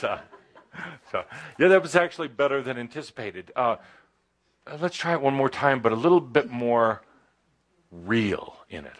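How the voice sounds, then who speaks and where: Slow, low-voiced man giving a spiritual talk. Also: a bit bright, slight background noise. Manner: halting, many pauses and fillers, playful asides. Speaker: spiritual teacher channeling a guide. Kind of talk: channeled spiritual talk to a live audience. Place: indoor gathering with a live audience.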